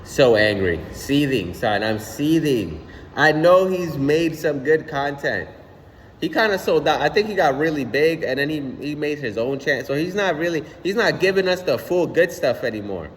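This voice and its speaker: A young man ranting casually on his own channel, animated and slangy, swearing often and repeating "son". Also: a little high, normal speed, long reverb tail, slight background noise. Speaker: vlogger. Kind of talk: casual rant.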